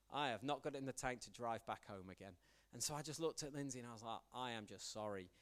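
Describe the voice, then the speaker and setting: Youth pastor, young man, mid-pitched, casual storytelling sermon, self-deprecating, plays out the dialogue. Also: smooth. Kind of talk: conversational sermon with anecdotes.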